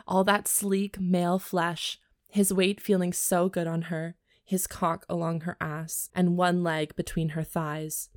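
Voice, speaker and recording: A woman's voice: on the low side, flat delivery, slow pace, no echo, clean studio sound. A woman co-hosting a comedy podcast, reading a romance novel aloud and breaking off for bawdy, joking asides. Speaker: podcast co-host and reader.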